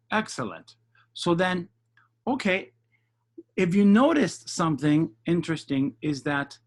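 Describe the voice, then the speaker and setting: A man's voice: on the high side, slight background noise. A man teaching jazz piano in an online lesson, patiently explaining rhythm step by step and counting beats aloud over a video call. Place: home setup for a virtual session.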